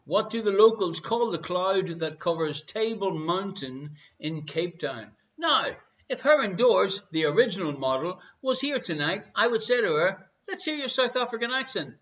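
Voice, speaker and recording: A man with an Irish accent hosting a live online quiz, playful and repeating each question slowly. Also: high voice, lively intonation, a bit bright, lo-fi sound. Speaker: quiz host.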